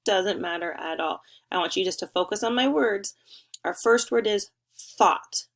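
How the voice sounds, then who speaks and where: This young woman, speaking at medium pitch with vocal fry, teaches spelling remotely to first graders. She's encouraging and sing-song, elongating each word slowly.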